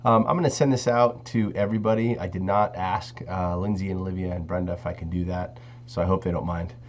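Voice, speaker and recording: A man's voice: low-pitched, steady tone, quick pace, dull audio, slight background noise. A man with a sick, congested voice giving loose, conversational spoken feedback to his students as their instructor. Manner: loose and conversational, restarts phrases.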